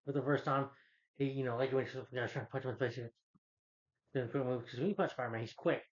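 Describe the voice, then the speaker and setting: A man giving a casual, rambling movie review, retelling the plot with many fillers and putting on higher voices for the characters. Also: steady tone, fast talker, lo-fi sound. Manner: loose, filler-heavy retelling that jumps up in pitch for quoted characters.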